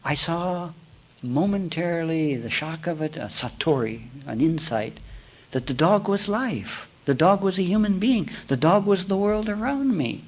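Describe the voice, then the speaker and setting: A man teaching yoga in a spiritual talk, telling folksy stories with jokes and swinging between loud and hushed. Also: on the high side, lively intonation, measured pace, poor audio. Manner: folksy, storytelling with jokes and asides.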